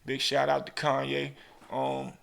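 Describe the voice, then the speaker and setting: In an unhurried, medium-pitched voice with some vocal fry, a man hosting a podcast shares laid-back stories. He's animated, performing different characters' voices as he recounts each anecdote.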